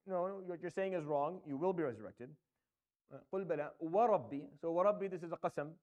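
A man's voice: a little high, racing, a little mellow, muffled recording. A man teaching a Quran tafsir lesson, explaining Arabic grammar step by step and reciting verses, with frequent fillers and restarts.

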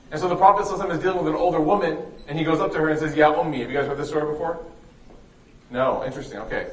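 Captured by a distant mic in an echoey room, a youth speaker with a slightly high voice tells a religious story to a live audience. He jokes and quizzes them along the way.

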